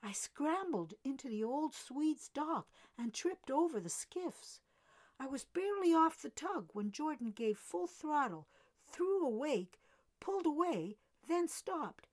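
Female reader, slightly high voice, dramatic audiobook narration. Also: a little slow. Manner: dramatic, expressive first-person reading. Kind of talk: scripted narration of a novel.

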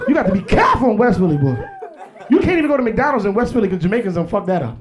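A man's voice: high-pitched, big pitch swings, racing, a crowd in the background. A male stand-up comedian doing a profane, punchy set on stage. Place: stage before live audience.

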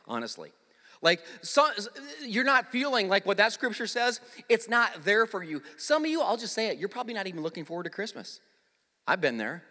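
A man's voice: high voice, sharp tone. A young male pastor preaching a sermon, telling stories energetically and leading the congregation in call-and-response, recorded in a church sanctuary. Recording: echoey church hall.

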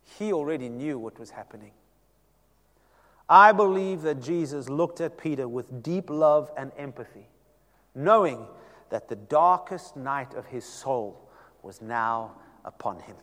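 A man, preaching a sermon as pastor and telling the story dramatically, shifting between loud and hushed passages. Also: mid-range voice, expressive, measured pace, big-room sound.

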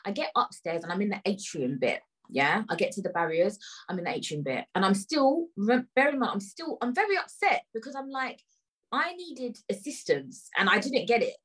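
Animated London woman telling a story. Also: mid-range voice, moderate pace, slightly rough, low-quality recording. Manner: animated, indignant, swears, London slang. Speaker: vlogger. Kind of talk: casual storytime rant.

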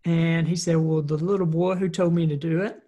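A woman giving a motivational talk, telling a personal story in an energetic, conversational way and often repeating words. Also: fairly low pitch, moderate pace. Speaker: motivational speaker.

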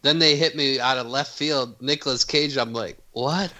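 A man with a very bright, sharp, tense voice, talking animatedly on a podcast and swearing freely. His pitch sits in the middle range. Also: moderate pace. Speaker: podcast co-host. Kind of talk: casual chat.

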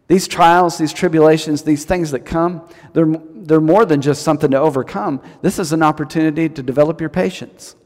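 A man's voice: fairly high pitch, moderate pace, darkish tone, big-room sound. A man preaching a sermon as pastor, telling stories and repeating key lines for emphasis. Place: church service.

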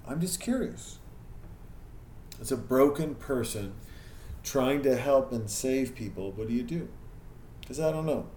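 A man's voice: medium pitch, lively intonation, measured pace, pauses often, a little mellow, a little hiss or hum. Male podcast host, casual confessional monologue, curses freely, echoey room. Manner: candid, self-critical, swears freely. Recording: echoey room with faint ambience.

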